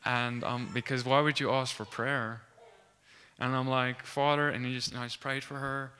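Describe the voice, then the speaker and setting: A young man preaches through a personal story in a casual, animated way. His voice is bright and forceful, with a smooth, resonant tone. He jumps into the voices of the people in his story as he tells it. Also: mid-range voice, moderate pace. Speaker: preacher sharing a testimony. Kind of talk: storytelling sermon testimony.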